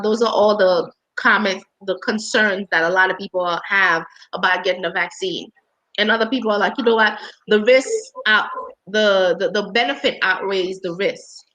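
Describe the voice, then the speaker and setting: A woman with a slightly congested voice talks casually about her patients as a healthcare worker on a panel. Her pitch sits in the middle, and she often restarts sentences and fills pauses with "um.". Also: bright, forceful tone, low-quality recording. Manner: conversational, with frequent restarts and fillers.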